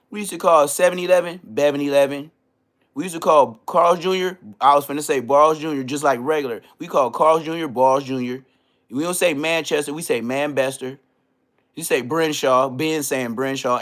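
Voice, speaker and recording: A man from Southern California hosting a livestream, ranting in a casual, comedic way with stammered restarts and frequent throat clearing. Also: fairly high pitch. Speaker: livestream host.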